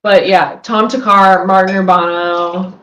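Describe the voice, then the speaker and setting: A woman's voice: medium pitch, fairly even intonation, unhurried, a bit bright. A woman guest on a comedy talk show, chatting casually and hesitantly. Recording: echoey room.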